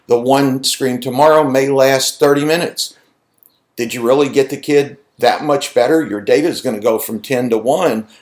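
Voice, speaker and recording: A man lecturing in a conversational way, posing rhetorical questions to his students. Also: medium pitch. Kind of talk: recorded lecture.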